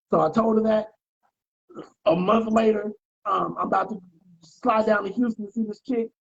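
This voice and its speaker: A man spins animated stories in a relaxed podcast chat, slipping into quoted voices and street slang. His voice is husky and breathy. The audio sounds dull and lo-fi. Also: sits high, normal speed. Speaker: podcast co-host. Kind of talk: casual storytelling chat.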